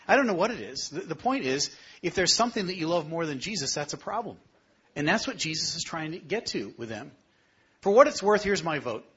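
A man preaching a sermon with a husky, slightly breathy voice. He puts questions straight to his listeners, building to emphatic high points before sinking to a hush. The recording is dull and lo-fi. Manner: rises to emphatic peaks, then drops low and quiet; asks the congregation direct questions.

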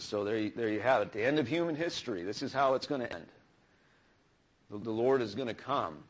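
A man's voice: fairly low pitch, normal speed. A man preaching a conversational sermon, often restarting phrases and asking the congregation questions.

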